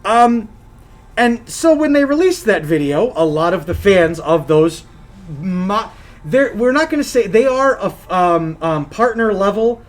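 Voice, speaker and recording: A man co-hosts a live gaming podcast in loose, joking chat. His voice sits high and swings up and down a lot. He curses offhandedly and teases his co-host. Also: measured pace. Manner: animated, jokey, swears casually.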